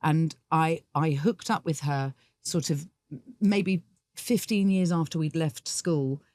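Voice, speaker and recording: Middle-aged actress, low-pitched, candid and quick to laugh; dry studio sound. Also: female voice, a little mellow, dry recording. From England. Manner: chatty and candid, laughs easily. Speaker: musical theatre actress, guest. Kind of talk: podcast interview.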